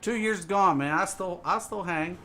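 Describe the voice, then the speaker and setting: On a very noisy recording, a man with a high voice streams a game at normal speed, ranting casually, swearing often, and repeating himself.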